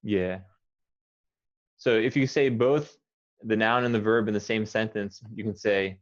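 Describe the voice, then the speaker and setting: An American man teaches English pronunciation one-on-one. He has a lowish voice and sounds each word out slowly and repeats it. The audio is a muffled video call. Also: steady tone. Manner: patient, models words slowly and repeats them.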